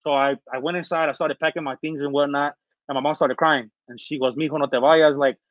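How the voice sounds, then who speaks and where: A man from Northern California telling his story in a casual interview, rambling with fillers and restarts, recovering from being sick and clearing his throat. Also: fairly high pitch, steady tone, fast, fairly bright tone, dry recording. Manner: rambling, many fillers and restarts, street slang. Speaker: interview guest. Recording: dull, lo-fi dry recording.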